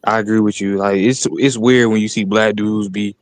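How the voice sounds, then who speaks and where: A man's voice: lowish voice, fairly even intonation, fairly quick, dry recording. A man co-hosting a livestream, laid-back and slangy, often chuckling as he talks. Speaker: livestream co-host. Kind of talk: casual stream chat. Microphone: online stream mic.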